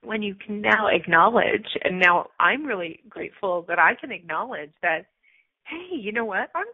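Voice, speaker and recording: Speaking on her radio talk show, a middle-aged woman who also works as a coach tells a personal story with chatty candor, frequent fillers and moments of tears. Her husky, medium-pitched voice is animated at a normal speed, in a dry recording through a tinny phone line.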